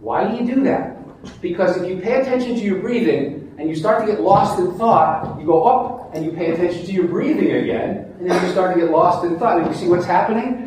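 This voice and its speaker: A man teaching a mindfulness meditation class, explaining calmly and often restarting his sentences. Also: sits high, fairly quick. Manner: calm, explanatory, with frequent restarts. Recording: very echoey room, faint noise.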